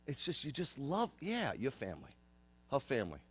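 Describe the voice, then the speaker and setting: A man's voice: mid-range voice, huge pitch swings, normal speed, husky. A man in his fifties, a rabbi, preaching a conversational sermon in an earnest way, often repeating and restarting phrases. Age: 50s.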